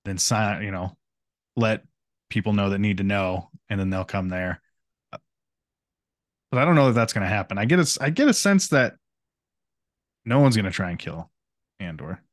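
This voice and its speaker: A man's voice: lowish voice, animated, normal speed, long pauses, dry recording, clean studio sound. A man co-hosting a casual chat podcast, easygoing and agreeable, laughing along with his partner. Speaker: podcast co-host.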